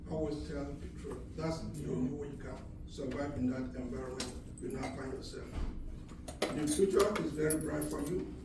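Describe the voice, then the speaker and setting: A man's voice: a little high, fairly even intonation, normal speed. Older father at a wedding, earnest advice; distant, roomy pickup, noise behind. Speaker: father giving a wedding speech. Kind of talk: wedding speech. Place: wedding reception hall. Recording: echoey hall from far off, background noise.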